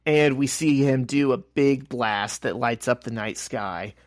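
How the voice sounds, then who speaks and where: A man's voice: medium pitch, measured pace, no echo. Man, podcast co-host, casual recap, acts out quotes, dry close sound. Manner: animated retelling, acting out quotes. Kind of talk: casual comic recap chat.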